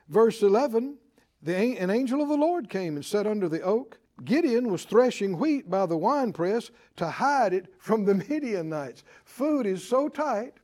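A man preaching a sermon, animated and acting out Bible figures with chuckles. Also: high voice.

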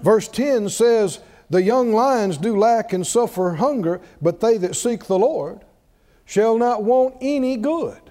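Male preacher, high sing-song delivery, unhurried; long hall reverb. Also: expressive, dark tone. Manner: emphatic call-and-response preaching. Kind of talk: sermon.

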